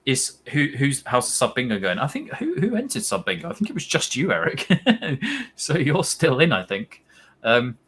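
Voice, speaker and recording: A man's voice: a little high, wildly swooping pitch, normal speed, a bit bright, slight background noise. A young man co-hosting a casual live fan watch-along, chatty and rambling, playfully spinning silly stories.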